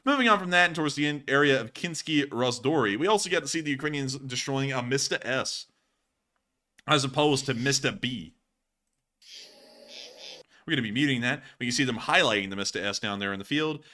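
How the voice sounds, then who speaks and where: A man with a bright, forward voice hosts a live stream, talking casually over video clips. He keeps it loose and jokey, slipping in puns between calls. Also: mid-range voice, animated, a little fast. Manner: joking, casual, chuckles at his own puns. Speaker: host of war news stream.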